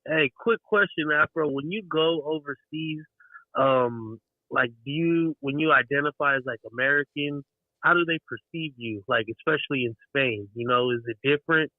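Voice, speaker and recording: A man calling in to a radio show, friendly and halting as he asks a question. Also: fairly high pitch, no echo, phone-quality sound. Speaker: caller. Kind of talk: casual phone-in chat.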